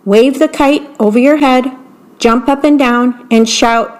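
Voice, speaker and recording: A woman's voice: sits high, steady tone, a little slow. Frog, a woman reading a patient friendly frog. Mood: encouraging. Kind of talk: bedtime story reading for radio.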